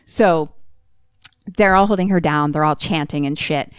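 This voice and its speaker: A woman podcast co-host casually retelling a film plot, animated and swearing often. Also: deep voice, normal speed, clean tone, no echo, studio quality.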